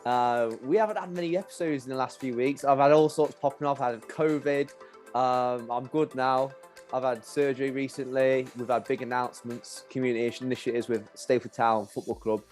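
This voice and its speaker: A man's voice: medium pitch, steady tone, fairly quick, a little mellow, faint music behind. A man hosting a podcast in a casual chat, laughing often and calling his guest brother. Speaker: podcast host.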